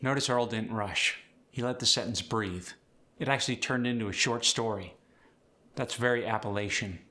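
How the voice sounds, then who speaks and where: A man's voice: mid-range voice, normal speed, sharp tone. A man explaining and demonstrating accent features as a coach in a tutorial. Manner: clear, explanatory, demonstrates example words.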